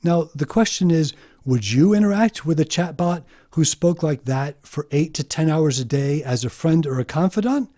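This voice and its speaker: A man hosting an explanatory video monologue, emphatic and deliberate, slowing down to stress key points. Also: fairly high pitch, animated, mellow. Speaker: video host.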